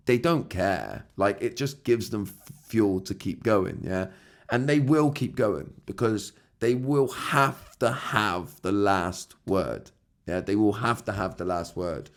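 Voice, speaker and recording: Low-voiced man chatting candidly on a podcast. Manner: candid and conversational, swears casually, laughs now and then; checks in with "right?" and "yeah?". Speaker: podcast host. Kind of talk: casual solo monologue.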